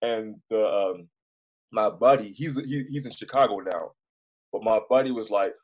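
A young man from Baltimore with a Baltimore accent, a news reporter telling stories as an interview guest in a rambling, animated way with many restarts. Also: fairly low pitch, normal speed, low-quality recording. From Baltimore, United States. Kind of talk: casual storytelling in an interview.

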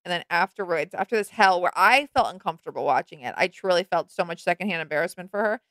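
A woman's voice: lowish voice, fast talker, hardly any pauses, a bit bright, no echo. A young woman co-hosting a podcast, gossiping animatedly and acting out quotes in casual chat. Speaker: podcast co-host.

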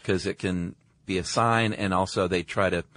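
Deep-voiced man chatting on a podcast. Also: steady tone, normal speed, a bit bright, no room sound. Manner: chatty, explains facts with filler words and laughs. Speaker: podcast co-host. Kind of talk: casual chat.

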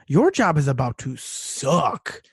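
A man's voice: medium pitch, very animated, takes it slowly, husky, no echo, studio quality. A man co-hosting a sports podcast in casual chat, rambling with lots of fillers and restarts. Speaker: podcast co-host.

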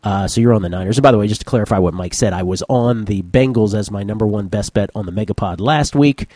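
Male betting-show host, dark tone, dry close sound. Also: lowish voice, quick pace, dry recording. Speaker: sports betting podcast host. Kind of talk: casual sports betting talk.

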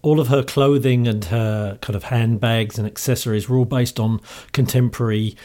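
Chatty Cockney host. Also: male voice, medium pitch, fairly even intonation, moderate pace, dark tone. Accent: London Cockney. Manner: chatty, amused, fond. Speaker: podcast host. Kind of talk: casual enthusiastic commentary.

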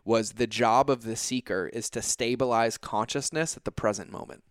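A man's voice: medium pitch, moderate pace, smooth, dry recording. A man hosting a podcast, speaking in a thoughtful, heartfelt and reflective way. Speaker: podcast host. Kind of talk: casual podcast conversation.

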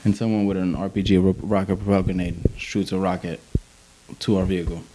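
A man's voice: low-pitched, quick pace, a little hiss or hum. A man, an army veteran, telling a war story in casual, profane talk and acting out quotes. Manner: profane, animated, acts out quotes.

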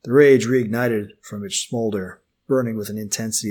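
A male audiobook narrator with a husky, slightly raspy voice. His voice sits low, and he reads in a steady, expressive manner. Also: normal speed.

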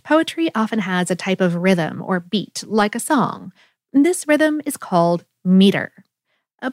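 A woman hosting a podcast, reading a scripted explainer in a clear, measured way with occasional fillers. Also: fairly high pitch, no echo, studio quality. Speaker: podcast host.

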